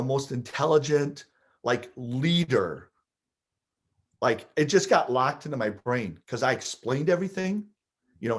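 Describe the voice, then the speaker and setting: A middle-aged man telling an emotional childhood story in casual conversation, laughing at points. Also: on the high side.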